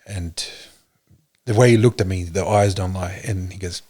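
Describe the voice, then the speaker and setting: A man, a podcast guest, telling his story in an earnest, halting way with many fillers. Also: low voice, fairly even intonation, mellow. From Australia. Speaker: podcast guest, police officer. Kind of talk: casual interview talk.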